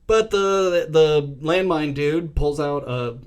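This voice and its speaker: A young adult man co-hosting a podcast, retelling a movie plot in a casual, animated way and acting out the quotes. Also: fairly high pitch, slow, clean tone. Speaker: podcast co-host. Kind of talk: casual movie recap chat.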